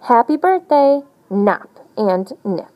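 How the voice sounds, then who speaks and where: A woman reads a rhyming picture book aloud in a bouncy, sing-song way. Her pitch rises and falls widely from line to line. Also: slow pace, highs cut off. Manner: animated, sing-song storytelling. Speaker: storybook reader.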